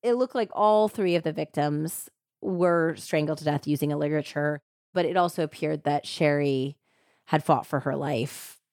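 A woman hosting a true crime podcast, retelling a case in a casual, animated way with lots of "like" fillers. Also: sits low, moderate pace, no room sound, clean studio sound. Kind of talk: casual storytelling chat.

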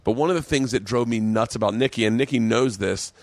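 A man's voice: medium pitch, quick pace, dry recording. A man hosting a podcast, telling rambling comedic stories in casual chat, swearing freely and acting out the other people in them. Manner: rambling storyteller, swears freely, acts out quoted voices. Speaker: podcast host.

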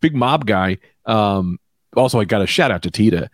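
A man's voice: fairly low pitch, animated, normal speed, no echo, studio quality. A man co-hosting a casual chat over a remote call, telling rambling stories and swearing freely. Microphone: remote call mic.

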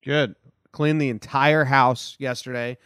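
A man's voice: medium pitch, steady tone, measured pace, fairly bright tone, clear, resonant tone, no echo, clean studio sound. A man hosting a casual podcast chat from his small house, rambling in an easygoing way. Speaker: podcast host.

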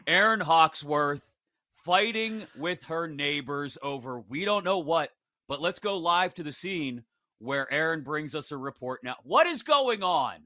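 A man's voice: on the high side, measured pace, bright, forceful tone, no room sound. A man hosting a sports betting show, opening it in upbeat casual chat. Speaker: host.

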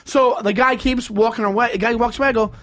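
A man with a high-pitched voice co-hosting a casual podcast. He tells stories with animated, lively acted-out quotes that jump up in pitch and loudness. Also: quick pace. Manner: animated storyteller, acts out quotes loudly. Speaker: podcast co-host. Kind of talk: casual chat.

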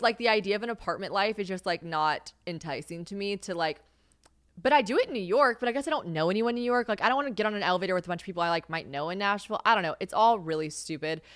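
A woman's voice: fairly low pitch, a bit bright, dry recording, studio quality. A young woman hosting a casual solo podcast, rambling and swearing freely, laughing often. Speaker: podcast host. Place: home kitchen.

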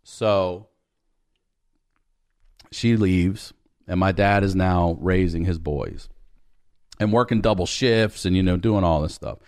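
Deep-voiced man telling a story animatedly. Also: slow, pauses often, no room sound, clean studio sound. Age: 40s. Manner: animated storyteller, acts out dialogue, swears freely. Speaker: podcast guest. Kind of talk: storytelling in casual conversation.

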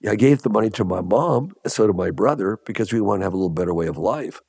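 A man's voice: on the low side, expressive, fast talker, creaky, a little mellow, slightly rough, no room sound, clean studio sound. An older man from Los Angeles, telling stories in an interview at a leisurely pace, repeating phrases for emphasis and chuckling. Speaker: guest, entrepreneur. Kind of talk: interview storytelling.

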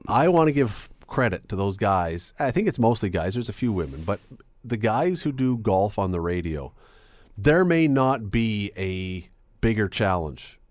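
Chatty man with a low voice. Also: very animated, unhurried, no room sound. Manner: chatty, laughs easily, many restarts. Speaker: radio sports talk host. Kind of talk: casual sports chat.

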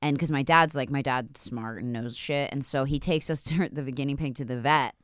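Woman podcast co-host, low voice, smooth clear tone, dry close mic, casual and swearing. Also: moderate pace, dry recording. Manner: swearing, chatty storyteller.

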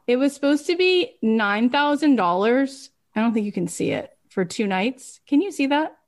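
A middle-aged woman business coach telling her students emphatic, animated stories. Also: a little high, normal speed. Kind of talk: coaching talk.

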